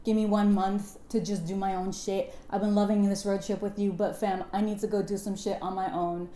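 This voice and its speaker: A woman's voice: mid-range voice, level tone, a little fast, warm tone, reverberant, slight background noise, close to an everyday voice. A woman voicing an anxious, secretive young male scientist who talks in curt, swearing slang. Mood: defiant.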